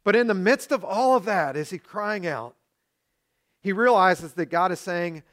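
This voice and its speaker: A male pastor delivers a sermon, his voice sitting a little high for a man. He swings between loud, passionate build-ups and soft, hushed pleas. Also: a little slow. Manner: dynamic preaching, rising to loud passion and dropping to hushed.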